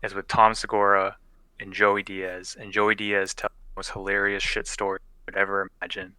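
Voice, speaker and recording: A man's voice: on the low side, completely flat delivery, moderate pace, pushed and bright, clean tone, dry recording, low-quality recording. A young man casually narrating as game master of a tabletop game, loose and profane, often laughing.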